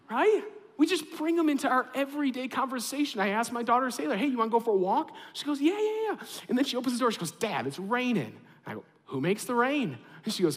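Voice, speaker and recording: Pastor, man in his thirties, higher voice, lively conversational sermon with asides to the crowd, echoey church hall. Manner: animated, conversational with asides to the congregation.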